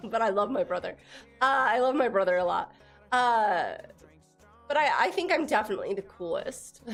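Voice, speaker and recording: A young woman from Texas chatting casually on a live stream, laughing often and teasing her viewers as she reads their messages. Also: a little high. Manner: giggly, teasing, reads chat aloud.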